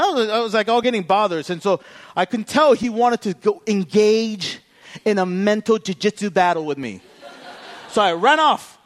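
A male pastor preaching in a lively storytelling sermon. His voice sits high and swings widely in pitch as he acts out each side of the story, often breaking into laughter. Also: moderate pace. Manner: animated, acts out both sides of a story with laughs.

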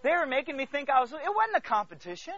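A pastor with a high, bright voice delivers a sermon, shifting from hushed near-whispers to loud outbursts as he calls out to his listeners. The recording sounds dull and lo-fi. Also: sing-song, quick pace. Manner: storytelling, calls out to the congregation.

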